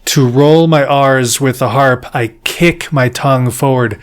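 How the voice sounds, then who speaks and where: A man teaching beginners to play the jaw harp, walking through each technique patiently in a mid-pitched voice. He is quick to poke fun at his own attempts. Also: smooth. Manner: patient, step-by-step explaining; self-deprecating about his playing. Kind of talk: instructional tutorial.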